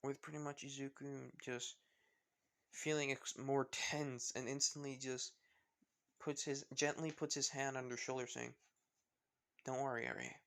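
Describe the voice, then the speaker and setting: A man's voice: mid-range voice, flat delivery, a little slow, gravelly, fairly bright tone. A man narrating an improvised fan story in a rambling way, full of fillers and self-corrections.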